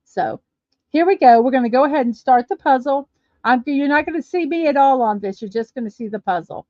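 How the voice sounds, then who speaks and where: A woman's voice: high-pitched, a little fast, a little mellow, dry recording. A woman hosting a casual livestream, chatting and reading viewer comments aloud. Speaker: livestream host. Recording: dull lo-fi dry stream audio.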